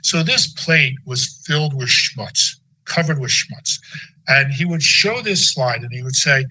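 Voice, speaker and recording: A man's voice: mid-range voice, pushed and bright, poor audio. A man in his sixties giving a conversational medical lecture with folksy, anecdotal asides. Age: 60s.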